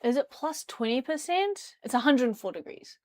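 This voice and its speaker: A woman's voice: sits high, big pitch swings, normal speed, darkish tone. Chatty young woman from New Zealand. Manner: rambling, chatty, hums and sings nonsense syllables while tidying. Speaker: livestreamer. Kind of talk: casual livestream chat. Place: her bedroom.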